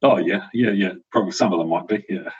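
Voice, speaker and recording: A man's voice: low voice, fast, a little mellow, husky. A man, a guest on a talk show, speaking reflectively with many fillers and restarts. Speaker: guest, avocado farmer. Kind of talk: casual conversation. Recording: dull lo-fi sound.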